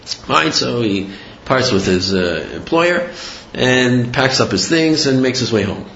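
A man teaching a religious lesson, telling a story in an animated, digressive way with many fillers. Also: mid-range voice, measured pace, gravelly, slight background noise. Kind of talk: sermon with storytelling. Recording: roomy, slightly dull recording.

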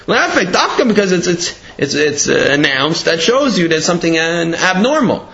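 A man teaching a religious text, lively and expressive, with a fairly high voice. He restarts sentences often and acts out the quotes. The recording is dull and lo-fi. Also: a little slow, few pauses. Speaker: Torah teacher.

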